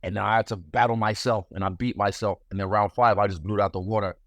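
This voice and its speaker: Low-voiced relaxed playful man. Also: fast, no room sound, muffled recording. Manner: relaxed, playful, loose slangy talk with frequent restarts. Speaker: guest fighter. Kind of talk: casual interview.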